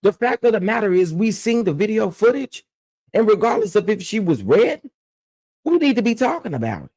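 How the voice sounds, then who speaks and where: A man's voice: sits high, very animated, brisk, a little mellow. A man hosting his own commentary channel, ranting bluntly and emphatically and repeating phrases to press his point.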